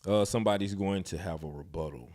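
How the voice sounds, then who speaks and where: A man in his thirties co-hosting a podcast, chatting casually and telling stories with lively acted-out quotes. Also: low-pitched, quick pace. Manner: animated storyteller, acts out voices. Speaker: podcast co-host. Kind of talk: casual chat.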